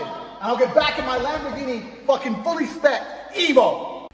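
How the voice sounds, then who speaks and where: A man in his thirties delivering a loud, profane, boastful rant full of taunts. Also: high voice. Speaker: public personality.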